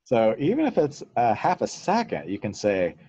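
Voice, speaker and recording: A man's voice: mid-range voice, moderate pace, no room sound, lo-fi sound. A man, a psychologist guest in an interview, explaining ideas through stories and often chuckling. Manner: relaxed storyteller, acts out quotes, chuckles often.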